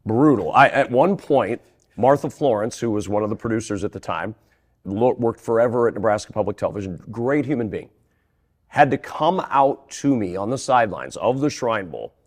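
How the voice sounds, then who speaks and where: A middle-aged man, a guest sportscaster, telling anecdotes in an interview with animated laughs and frequent restarts. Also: lowish voice, moderate pace. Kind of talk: interview storytelling.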